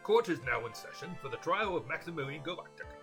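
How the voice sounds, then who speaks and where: A man putting on a fussy older judge with a lifted, formal voice, presiding over a courtroom in a video game. Loud game music runs underneath. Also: fairly high pitch, expressive, quick pace, voice pushed up, close to an everyday voice.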